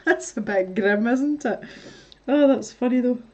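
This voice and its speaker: A woman's voice: on the high side, measured pace, warm tone, dull audio. A woman chatting casually while crafting on a livestream, telling stories, reading out chat comments and laughing often.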